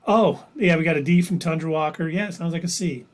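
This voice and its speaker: Higher-voiced man reading live chat. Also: quick pace. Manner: chatty, reads out viewer names and votes. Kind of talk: casual chat.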